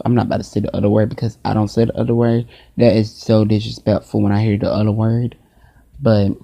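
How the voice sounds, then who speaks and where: A man's voice: medium pitch, gravelly, warm tone, no echo. A man hosting a casual reaction video, talking back at a clip with profane mock outrage.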